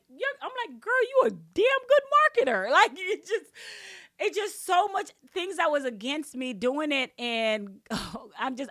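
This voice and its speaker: A woman with a different first language hosts her podcast in a very dry, close sound. She talks in an excitable, heartfelt way, often laughing, and her voice shoots up high whenever she gets thrilled. Between those bursts she speaks with grateful, faith-filled repetition. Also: no echo. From another country. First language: another language. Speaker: podcast host and author. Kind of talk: emotional personal podcast talk.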